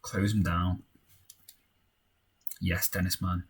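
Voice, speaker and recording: Here a young man gives offhand commentary on the football management game he's running, erupting into cheers at goals and muttering during nervy moments. His husky voice sits on the low side, with a steady tone and moderate pace.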